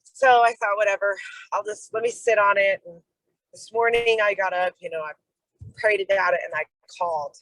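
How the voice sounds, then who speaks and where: A program member, a middle-aged woman, shares a personal story casually over a video call, speaking at normal speed with medium pitch. She acts out quoted lines with animation and says "like" a lot. The recording quality is rough.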